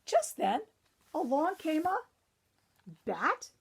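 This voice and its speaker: A high-pitched woman reads a children's picture book aloud at an unhurried pace, her voice touched with a gravelly fry. She works as a librarian and keeps stopping for chatty asides to her young listeners. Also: wildly swooping pitch, a little hiss or hum.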